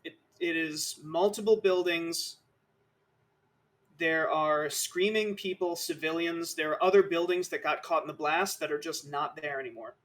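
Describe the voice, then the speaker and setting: A man narrating a tabletop game as game master, slow and dramatic in his descriptions. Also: on the high side, a bit bright.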